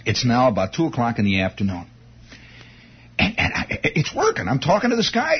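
A man telling a comic first-person story in an excitable way, stammering and restarting as he builds up, on a dull lo-fi recording. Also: mid-range voice, a little fast, husky.

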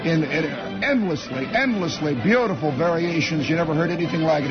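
A man's voice: on the high side, expressive, fairly quick, few pauses, music in the background. A man telling a rambling comic story on the radio, wry and meandering, with chuckling asides. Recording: dull lo-fi radio broadcast.

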